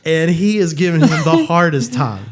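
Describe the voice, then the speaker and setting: Man telling a funny story, high-ish voice. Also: expressive. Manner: laughing through anecdotes, quick asides. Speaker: podcast co-host, youth leader. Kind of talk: casual storytelling chat.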